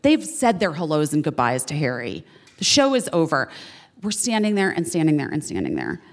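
Animated woman podcast host, lively pitch. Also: normal speed. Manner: animated, laughing, swearing, acting out quotes. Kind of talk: casual storytelling chat.

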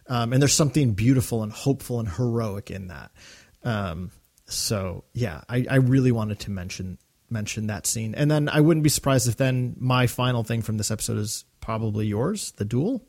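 A man's voice: medium pitch, normal speed, a little mellow. Man, podcast co-host, casual fan chat, enthusiastic, rambling, fillers.

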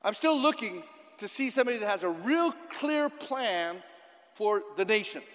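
A high-voiced man preaches a sermon to his church. He is impassioned, building to loud, emphatic declarations. His voice rings with the long reverb of a church hall. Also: animated, normal speed. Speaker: pastor.

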